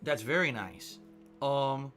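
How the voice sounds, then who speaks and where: A man's voice: mid-range voice, slow pace, a bit bright, faint music behind. A man streaming a game live, rambling, thinking aloud and reading out viewer tips. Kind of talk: live-stream gaming commentary.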